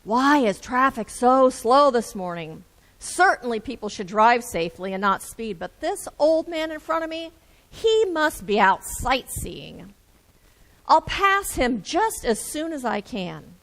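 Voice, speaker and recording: Impatient grumbling father, played by a woman, fairly high voice, slow deliberate lines, sermon story. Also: sing-song, fairly bright tone, in a large hall, heavily acted. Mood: fuming. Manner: grumbling, exasperated. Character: busy, impatient father in a hurry.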